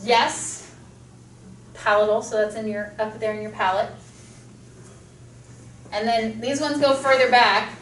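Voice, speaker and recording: A woman speech teacher lecturing a class, enthusiastic and quick with examples, speaking through a mask. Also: a little high, steady tone, fairly bright tone, a little hiss or hum. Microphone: masked, recorded from across a classroom. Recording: echoey classroom from far off.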